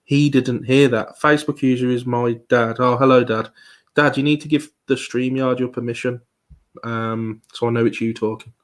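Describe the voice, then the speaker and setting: A man giving a live online presentation as a paranormal investigator, talking with many pauses and restarts. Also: mid-range voice, fairly even intonation. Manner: hesitant, many ums and restarts.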